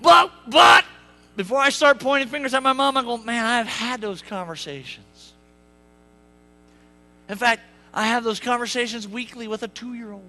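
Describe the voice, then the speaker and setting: Male preacher, high bright voice, lively comic sermon delivery. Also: brisk. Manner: animated, jokey, acts out voices. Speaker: pastor. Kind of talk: sermon with humorous storytelling. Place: church sanctuary.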